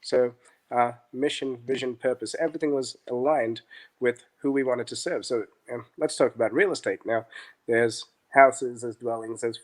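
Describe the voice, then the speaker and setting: Man, middle-aged, podcast guest, lively storytelling, quotes dialogue, mid pitch. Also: normal speed. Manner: animated, acts out dialogue in quotes. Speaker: interview guest, business founder. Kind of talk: conversational storytelling.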